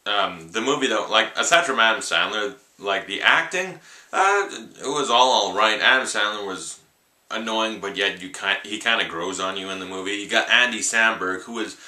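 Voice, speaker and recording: A man's voice: lowish voice, normal speed, pushed and bright. A young man reviewing a film in a casual, rambling way, full of "like"s. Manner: rambling, offhand, many "like"s. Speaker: movie reviewer. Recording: echoey room.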